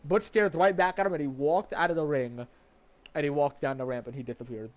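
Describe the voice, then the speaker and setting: A man's voice: fairly high pitch, fairly quick, highs cut off. A man streaming a game, casually recapping its story in a rambling way, restarting sentences and swearing now and then.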